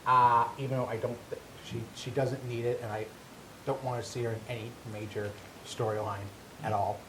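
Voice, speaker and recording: A man's voice: medium pitch, flat delivery, moderate pace. A man co-hosting a casual wrestling podcast, talking animatedly with many stammered restarts. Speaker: podcast co-host. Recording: echoey room with faint hum.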